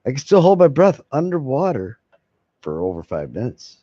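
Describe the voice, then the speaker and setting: A man's voice: medium pitch, wildly swooping pitch, moderate pace, mellow, no room sound. A man rambling casually to his viewers, swearing freely and chuckling between thoughts. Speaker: vlogger. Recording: dull lo-fi sound.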